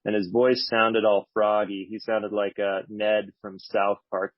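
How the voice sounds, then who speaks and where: A man's voice: on the low side, level tone, measured pace, dry recording. A man giving a candid, reflective talk about his recovery at a support meeting, with a slightly wry manner, on a dull lo-fi recording. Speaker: speaker sharing at a recovery meeting.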